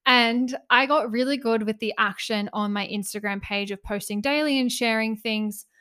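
A woman's voice: fairly high pitch, normal speed, bright, forceful tone, clean tone. A young woman hosting a solo spiritual coaching podcast, talking earnestly and passionately, short of breath and gasping between phrases. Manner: earnest, passionate, uses "like" often. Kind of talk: casual solo podcast monologue. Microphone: close podcast mic.

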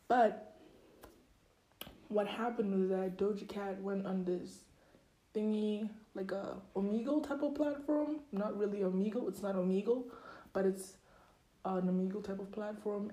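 A woman's voice: medium pitch, warm tone. A teenage girl hosting a podcast, chatting casually and gossiping in a rambling way, full of filler "likes". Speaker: podcast host. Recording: roomy echo.

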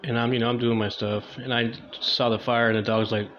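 A man's voice: medium pitch, flat delivery, fairly quick, fairly bright tone, slight background noise. A young man doing a loose, crude, slangy stand-up comedy monologue, in a dull lo-fi recording.

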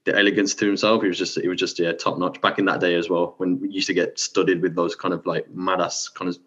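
A man's voice: low voice, flat delivery, fast, a bit bright. A man co-hosting a podcast in a laid-back, slangy and bantering way. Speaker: podcast co-host. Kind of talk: casual podcast chat. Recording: dull lo-fi sound.

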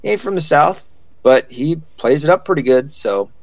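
A man's voice: on the high side, lively intonation, normal speed, no echo. Man, podcast host, casual rambling chat, curses a lot, dry slightly muffled sound. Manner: rambling, swears freely, many fillers.

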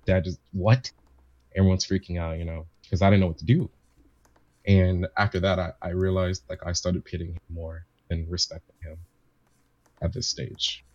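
A man with a very low voice tells a personal story in loose, rambling chat, restarting phrases and quoting what others said. The sound is dry and a little dull. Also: dry recording. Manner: rambling, repeats himself, quotes family members.

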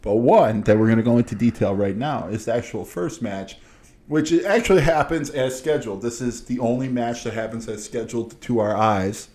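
Dude cohosting a podcast, relaxed and wry, just chatting. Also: male voice, mid-range voice, fairly quick. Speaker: podcast co-host. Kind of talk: casual podcast chat.

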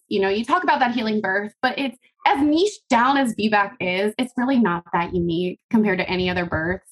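A woman's voice: medium pitch, fairly bright tone. A woman in her thirties, a podcast guest telling a long story in casual, rambling interview chat, full of fillers and acted-out quotes.

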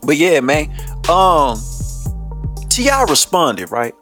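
A man's voice: fairly high pitch, big pitch swings, slow pace, a bit bright, faint music behind. A man hosting a podcast, ranting blunt, profane commentary and laughing often. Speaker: podcast host.

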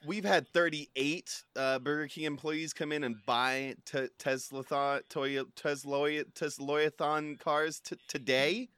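A man plays a bumbling car salesman who trips over his words and rattles off deadpan nonsense. His mid-pitched voice is bright and smooth, with a dry, close sound in an improvised comedy skit. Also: slow pace, few pauses, no room sound. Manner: rambling, stumbling, deadpan nonsense. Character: rambling hapless male car salesman.

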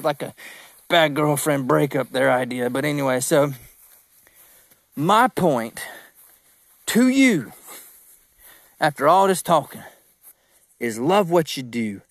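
A man's voice: fairly high pitch, dry recording, clean studio sound. Rambling, fired-up podcast host, a man. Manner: rambling and animated, with emphatic repeated no's; self-deprecating asides. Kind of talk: casual business talk.

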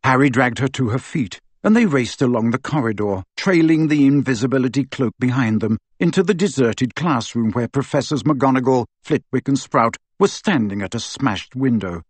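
A man reads a fantasy novel aloud, lively and expressive, his pitch rising and falling with the action. His voice is slightly breathy and recorded close and dry. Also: normal speed, few pauses, dry recording. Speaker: audiobook narrator. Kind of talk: scripted narration.

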